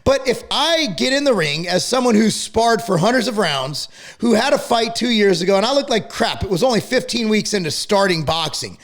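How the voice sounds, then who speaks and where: A middle-aged man ranting to camera about a feud, angry, profane and worked up to the point of yelling. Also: high-pitched, expressive, normal speed. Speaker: fitness company owner and channel host.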